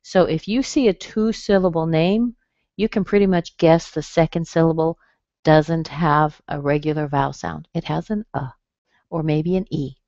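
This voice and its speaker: A pronunciation teacher leads a webinar lesson, patiently breaking each word into syllables and slowing down on the examples. Her voice sits a little low for a woman, mellow and fairly even in intonation. The computer-mic audio is dry, slightly muffled, and free of echo.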